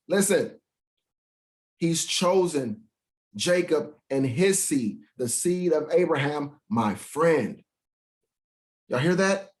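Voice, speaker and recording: A man teaching from the Bible, reading verses slowly and then breaking into crude, mocking rants with big swings in pitch and loudness. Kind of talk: profane scripture teaching.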